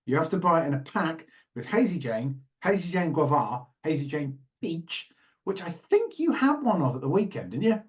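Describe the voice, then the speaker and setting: A man's voice: fairly high pitch, big pitch swings, normal speed, dull audio. A man co-hosting a casual podcast, talking in a playful, rambling, teasing way. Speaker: podcast co-host. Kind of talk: casual chat.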